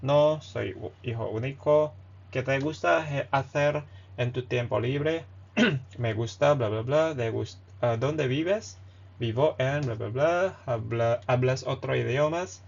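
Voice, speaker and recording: A man's voice: mid-range voice, measured pace, creaky, lo-fi sound. A man who is not a native speaker, teaching a casual online language lesson with many hesitations and fillers. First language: not Spanish or English.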